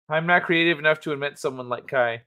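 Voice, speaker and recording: A man's voice: a little high, brisk, bright, forceful tone, smooth. A man hosting a casual livestream chat from the United States, rambling and laughing as he reads chat aloud. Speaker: livestream host.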